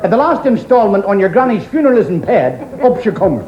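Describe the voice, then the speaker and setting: A man with a high, swooping voice reads a comic letter on stage and laughs at his own gags. His voice echoes around the club over a loud crowd. The old tape is dull and full of hiss. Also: big pitch swings, brisk. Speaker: stand-up comedian. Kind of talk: stand-up routine. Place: club stage with a live audience.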